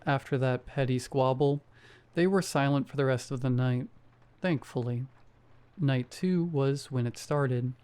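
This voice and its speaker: A man reading a first-person horror story aloud in a steady storytelling manner. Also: mid-range voice, a little slow, clean tone. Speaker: story narrator. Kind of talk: scripted horror narration.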